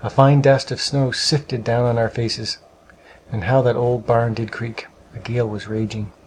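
A man narrating a storybook with a steady, measured reading. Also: medium pitch, slight background noise, rough recording.

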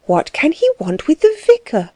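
A woman's voice: high-pitched, wildly swooping pitch, moderate pace, dark tone, dry recording, pitched above the performer's own voice. A woman voicing a fussy, kindly housewife who chatters in a fretful, pitying way in a storybook reading. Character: fussy, kindly innkeeper's wife, anxious and gushing.

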